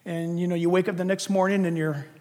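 A man preaching a sermon with dynamic delivery, swinging from loud emphasis to hushed, confiding asides. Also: sits high, flat delivery, fast talker, a little hiss or hum. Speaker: pastor. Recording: long hall reverb.

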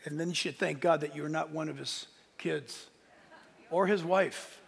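A man preaching a sermon in a conversational way, with asides to the congregation and shouted peaks of emphasis. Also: a little high, fairly even intonation, unhurried, vocal fry, husky, long reverb tail. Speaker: pastor.

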